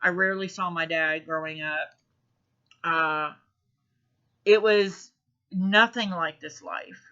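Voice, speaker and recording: Bright-voiced woman telling a personal story. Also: lowish voice, fairly even intonation, clean tone. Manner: halting, many ums and restarts. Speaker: spiritual vlogger. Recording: dull lo-fi recording.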